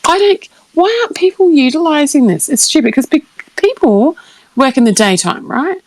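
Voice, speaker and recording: A middle-aged woman chatting casually on a live stream, animated and swearing freely. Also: sits high, normal speed, no room sound. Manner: animated, swears, acts out quoted voices. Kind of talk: casual chat.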